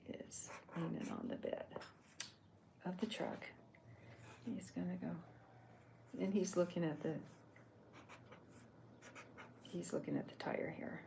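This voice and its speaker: Soft-spoken woman, gravelly half-whisper. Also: fairly low pitch. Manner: soft, half-whispered, rambling thinking aloud. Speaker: artist live-streaming her drawing. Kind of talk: soft-spoken ASMR drawing stream. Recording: noisy home stream audio.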